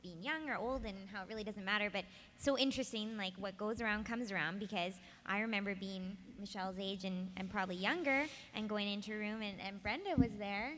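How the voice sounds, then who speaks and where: A woman's voice: mid-range voice, brisk, hardly any pauses, a bit bright, slight background noise. A woman voice actress on a convention panel, speaking sincerely and with appreciation. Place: convention hall. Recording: echoey hall with faint ambience.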